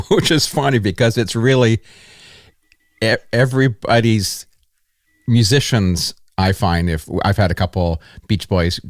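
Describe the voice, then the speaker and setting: A low-voiced man hosts a laid-back interview, reacting with eager approval to his guest's stories. The sound is dry and close. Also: measured pace, no echo. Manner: enthusiastic, affirming interviewer. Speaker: podcast host. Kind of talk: casual interview chat.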